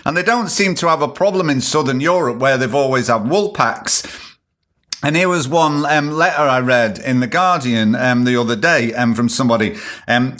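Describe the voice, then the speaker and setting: A man's voice: mid-range voice, normal speed, fairly bright tone. A man hosting a solo podcast, ranting sarcastically and swearing as he rambles between points. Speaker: podcast host.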